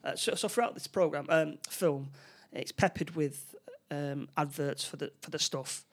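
A man recapping a film plot in casual chat, with halting delivery, many restarts and tag questions. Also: on the high side.

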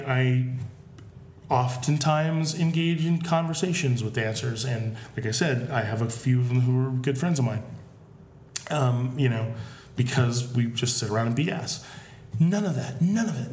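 A man chatting casually on a podcast, trading dry, deadpan jokes with his co-host. His voice sits mid-range. The room is echoey, with a faint low rumble behind him. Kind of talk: casual chat.

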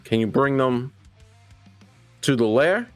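A man's voice: medium pitch, lively intonation, slow pace, dry recording, soft background music. A man as a rambling wasteland guide. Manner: rambling, reassuring. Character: hard-drinking wasteland townsman, friendly guide.

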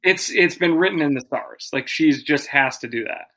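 A man's voice: fairly high pitch, normal speed, bright, forceful tone, rough recording. A man hosting a podcast, joking around and leading the segments in casual chat. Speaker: podcast host.

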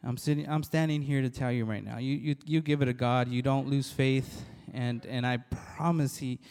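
A man, a police officer, giving a halting, earnest church testimony to a congregation, with many restarts. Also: mid-range voice, fairly even intonation, darkish tone, smooth. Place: church hall. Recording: long reverb of a large hall.

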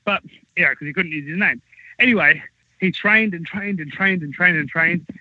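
Husky high-voiced man telling a profane story. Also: moderate pace, no room sound, narrow, tinny audio. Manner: rambling, profane, animated anecdote-telling. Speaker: wrestling talent recounting backstage stories. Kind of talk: casual podcast storytelling.

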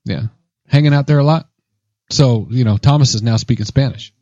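A man co-hosting a casual podcast, telling stories in a lively, joking way and acting out what people said. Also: medium pitch, moderate pace, no room sound, muffled recording. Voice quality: lively, joking storyteller who acts out quotes. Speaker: podcast co-host. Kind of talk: casual chat.

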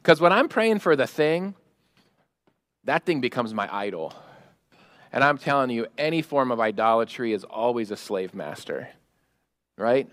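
A man preaching a sermon as pastor, animated, acting out prayers and quoting in a raised voice, with frequent laughs. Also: medium pitch, moderate pace, pauses often, no room sound.

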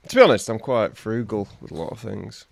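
A man's voice: lowish voice, animated, a little fast, gravelly, dry recording. A wry man co-hosting a podcast, rambling through casual anecdotes. His voice is recorded close and dry, with no room sound. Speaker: podcast co-host. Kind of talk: casual banter.

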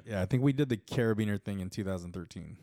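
A man's voice: on the low side, fast, mellow, dry recording, studio quality. A young man co-hosting a casual podcast chat, laid-back and sweary with sarcastic asides. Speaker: podcast co-host.

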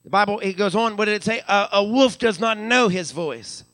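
This pastor's high-pitched, fairly bright voice moves at normal speed through a live church sermon in the sanctuary. He has a Western Pennsylvania accent, repeats words stammeringly as his delivery builds, and cries out hallelujah. No room sound is audible.

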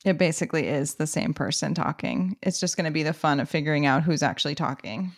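A woman with a Brooklyn accent tells stories in an animated, chatty way, peppered with "like". Her voice sits a little low, captured cleanly on a professional microphone in her apartment. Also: quick pace. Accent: Brooklyn New York. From Brooklyn, New York. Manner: animated storyteller, lots of "like", laughs. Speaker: guest, host's sister. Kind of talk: casual chat.

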